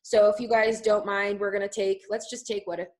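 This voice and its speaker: A woman's voice: mid-range voice, little pitch movement, brisk, darkish tone, rough recording. A woman dog trainer explaining a method in a live online class, talking loosely with many fillers.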